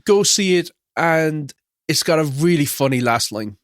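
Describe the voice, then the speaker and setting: A man's voice: a little high, animated, unhurried, no echo, clean studio sound. A man co-hosting a podcast, chatting casually and with strong opinions about films and TV. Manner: chatty, opinionated, does little mock voices. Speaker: podcast co-host. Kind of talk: casual film chat.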